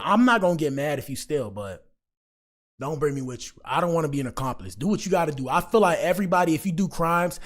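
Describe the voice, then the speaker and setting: A man talking casually to his chat as a livestream commentary host, rambling and slangy. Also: fairly high pitch. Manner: rambling, slangy, addresses chat often with "bro".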